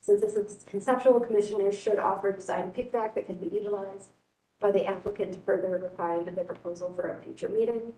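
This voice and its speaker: Woman, staff report read-out, brisk, distant from mic, echoey chamber. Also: mid-range voice, steady tone, mellow, a little hiss or hum. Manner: brisk, businesslike. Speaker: city staff member. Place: council chamber.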